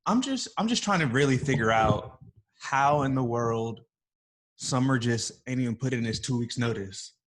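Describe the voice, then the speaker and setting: A man's voice: medium pitch, lively intonation, moderate pace. A man co-hosts a podcast with a mid-range voice and an easy, teasing manner. He ribs the others and laughs along as they talk. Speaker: podcast co-host. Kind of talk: casual chat.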